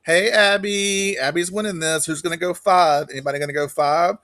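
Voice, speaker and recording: A man hosting a live online auction stream, chatting casually and quickly calling bids while greeting viewers by name. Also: fairly high pitch, a bit bright, no echo, studio quality.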